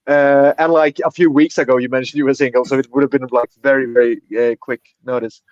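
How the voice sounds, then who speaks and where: A man's voice: mid-range voice, little pitch movement, fast talker, darkish tone, no echo. A man hosting a casual livestream chat, rambling with lots of fillers and swearing freely. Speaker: podcast host. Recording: dull lo-fi dry sound.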